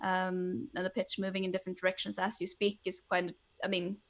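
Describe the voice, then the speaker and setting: A woman's voice: lowish voice, flat delivery, brisk. Swedish-born woman in her twenties, casual podcast co-host, chatty, loose restarts. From Sweden. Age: young adult. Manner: chatty, laughs easily, trailing restarts. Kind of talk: casual chat.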